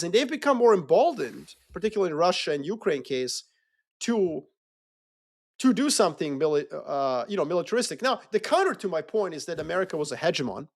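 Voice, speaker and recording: A man talking politics in a loose, animated way, swearing freely and acting out quick mocking voices. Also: fairly high pitch. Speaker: podcast co-host. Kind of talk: casual geopolitical discussion.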